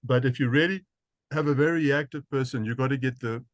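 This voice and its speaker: A South African man, a guest physician, answers interview questions with emphasis in a medium-pitched, slightly quick voice, often repeating words as he starts over. The recording is dry.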